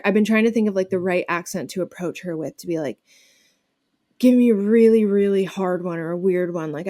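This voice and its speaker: A woman's voice: mid-range voice, darkish tone. A woman comedian and actor chatting casually as an interview guest, talking loosely with many fillers and restarts.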